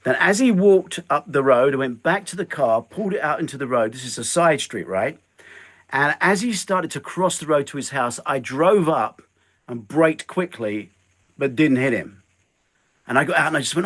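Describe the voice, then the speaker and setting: A man's voice: a little high, moderate pace. An older man, a guest telling stories in an interview and acting out the lines he quotes. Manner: animated, acts out quoted lines. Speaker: guest, stuntman and filmmaker. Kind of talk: storytelling interview chat.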